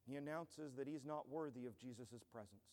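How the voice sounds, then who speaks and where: A man's voice: medium pitch, brisk, a little mellow, big-room sound. A man pastor preaching an earnest, emphatic expository sermon in a church.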